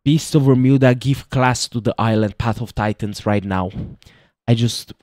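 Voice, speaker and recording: A man in the middle of his range narrates a game he adores, gasping, laughing and gushing as he plays. His voice swings from loud bursts to near-whispers. The sound is dry and close, with no room around it. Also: medium pitch, normal speed, no echo. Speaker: gaming youtuber. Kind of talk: excited let's-play commentary.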